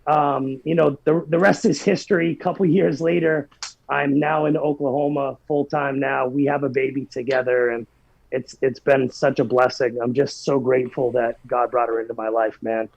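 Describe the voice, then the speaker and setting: A man in his forties telling his own story as a podcast guest, earnest and heartfelt, with a gravelly voice. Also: medium pitch, level tone, normal speed, darkish tone, dry recording, muffled recording. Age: 40s. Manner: earnest, heartfelt, many restarts. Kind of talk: personal storytelling.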